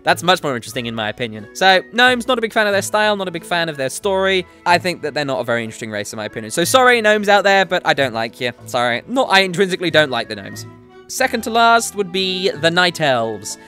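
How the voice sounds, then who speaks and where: A man's voice: high voice, very animated, fast, bright, forceful tone, soft background music. A man hosting a gaming show, giving his opinions in a casual, jokey way with apologetic asides. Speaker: gaming commentary host. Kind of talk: casual solo opinion talk.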